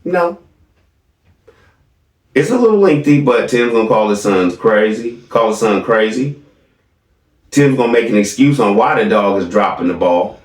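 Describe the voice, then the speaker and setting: A man's voice: fairly low pitch, expressive, moderate pace, pauses often, echoey room, distant mic. A man giving sarcastic reaction commentary on video clips, questioning his viewers.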